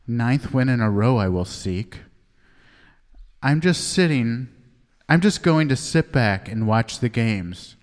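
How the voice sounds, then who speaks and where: A man playing a slow, overwrought poet. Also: mid-range voice, lively intonation, a little mellow. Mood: proud. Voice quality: halting, self-serious, hesitant delivery. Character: overly earnest, emotional male poet, easily choked up. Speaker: guest poet. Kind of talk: comedy sketch, dramatic poetry reading. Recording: long reverb.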